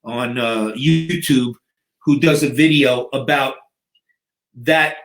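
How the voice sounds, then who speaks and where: A man's voice: mid-range voice, slow pace, gravelly, a bit bright. A man in his fifties, a guest in an interview, telling a story vividly and acting out the scenes. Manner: vivid, dramatic storyteller who acts out scenes. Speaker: guest, bodybuilder and fitness coach. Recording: echoey room.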